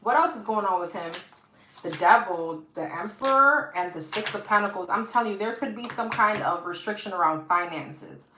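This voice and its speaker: A woman's voice: mid-range voice, expressive, moderate pace, sharp tone. A woman with a New York accent doing a live-stream tarot reading on her phone, chatting casually with viewers. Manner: chatty, addresses viewers as girl and guys. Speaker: tarot reader. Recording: echoey room, faint hiss.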